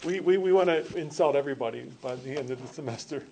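A man's voice: mid-range voice, fast talker, darkish tone, slight background noise. A male teacher giving a classroom lecture, joking with students and correcting himself as he rambles.

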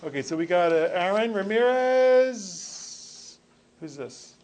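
A man's voice: sits high, animated, takes it slowly, a little mellow, a little hiss or hum. A male teacher giving a classroom lecture, joking with students and correcting himself as he rambles.

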